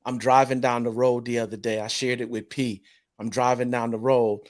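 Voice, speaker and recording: A man from North Carolina telling a personal story in a casual group chat, animated and repeating words for emphasis. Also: medium pitch, normal speed. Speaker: panelist.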